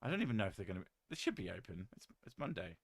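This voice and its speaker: A British man with a low voice talks very fast on a live stream, reading out chat with deadpan jokes and casual cursing. The recording is dry.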